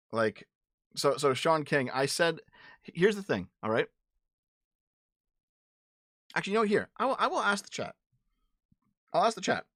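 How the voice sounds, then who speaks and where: A male livestream host answers his chat with casual political commentary, blunt and profane, repeating and restarting his words when things heat up. The voice is medium in pitch and fairly bright, captured in clean studio sound without echo.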